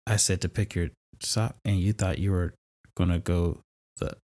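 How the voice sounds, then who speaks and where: A man's voice: low voice, steady tone, normal speed, darkish tone. A married man with children who hosts a podcast, telling a personal faith story in a conversational, storytelling way with fillers and laughs. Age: adult, married with kids. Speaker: podcast host.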